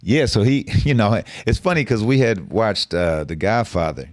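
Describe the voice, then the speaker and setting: A man's voice: fairly low pitch, animated, moderate pace, no echo, clean studio sound. A middle-aged man telling a story on a podcast, casual and profane with street slang. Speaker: podcast guest.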